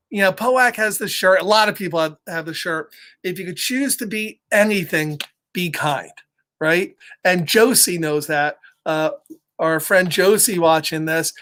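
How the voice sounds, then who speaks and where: Slow easygoing guy reading a picture book to kids online, chatty and animated, laughs a lot. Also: high voice. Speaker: children's story time host.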